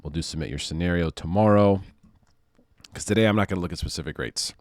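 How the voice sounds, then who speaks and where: A low-voiced man talks through mortgage markets in a loose, animated commentary, leaning on sarcasm and repeating words to drive a point home. His voice is close and dry, with no room around it. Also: fast talker, no echo. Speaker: mortgage loan officer.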